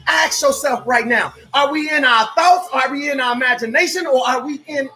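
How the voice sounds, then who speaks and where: A man giving motivational life coaching in a fervent, preacher-like way, often shouting and repeating rhetorical questions. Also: extremely high pitch, normal speed, faint music behind. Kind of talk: motivational coaching live stream.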